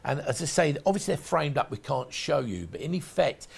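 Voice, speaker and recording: A man hosts a shopping channel, pitching collectables in a rambling, chatty patter. His voice is gravelly and husky. His pitch swoops up and down a lot as he talks. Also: very animated, fairly quick. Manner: chatty, rambling sales patter with frequent restarts. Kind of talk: sales presentation.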